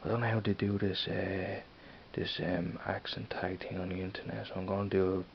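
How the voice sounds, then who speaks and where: A man's voice: low-pitched, level tone, normal speed, vocal fry. A man with a Dublin accent, talking to camera in a rambling, hesitant way with lots of fillers and restarts. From Ireland. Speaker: vlogger. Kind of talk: casual rambling vlog. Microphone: camera mic. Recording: dull lo-fi camera audio with faint hiss.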